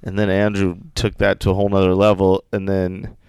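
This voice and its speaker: A man telling funny stories in a casual chat, animated and laughing often. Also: deep voice, brisk, clean tone, no echo.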